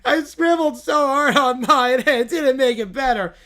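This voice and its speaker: A man's voice: very high voice, moderate pace, pushed and bright, voice pushed up. A man doing a whiny, self-pitying complainer with a mock Irish lilt. He pushes his voice well above his usual register and loads it with nasal, sobbing indignation, as if every slight were a courtroom outrage. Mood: whiny, indignant. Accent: fake Irish. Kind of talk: reading a story aloud, doing voices.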